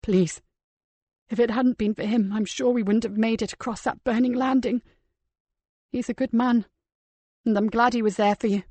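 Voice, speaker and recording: A woman's voice: on the high side, fairly even intonation, moderate pace, long pauses, darkish tone, dry recording, close to an everyday voice. Woman doing a worn-out cop guy in an audiobook, barking orders then going weak, dry close sound. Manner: commanding, then weak and breathless. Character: brave, exhausted male police detective.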